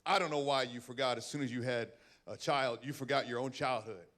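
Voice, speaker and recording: A man's voice: mid-range voice, brisk. A man performing a stand-up comedy set aboard a cruise ship, telling stories with acted-out voices. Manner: animated storytelling with acted-out voices. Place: cruise ship theater with live audience.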